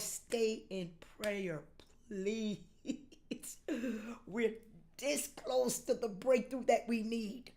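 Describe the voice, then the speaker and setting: A woman pastor preaching a sermon, repeating lines and calling on the congregation to answer back, moving between hushed urging and shouted exhortation. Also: fairly high pitch. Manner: call-and-response, repeats phrases.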